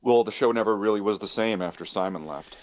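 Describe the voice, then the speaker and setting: A man's voice: lowish voice, quick pace. A man co-hosting a casual chat, rambling and laughing often. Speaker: co-host.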